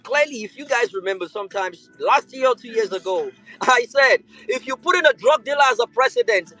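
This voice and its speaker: A man's voice: extremely high pitch, animated, fairly quick, bright, forceful tone, soft background music, low-quality recording. A man giving an impassioned speech on a live audio chat, building his points through repeated rousing lines. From Nigeria. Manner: rousing, repetitive oratory. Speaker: speaker on a live audio space.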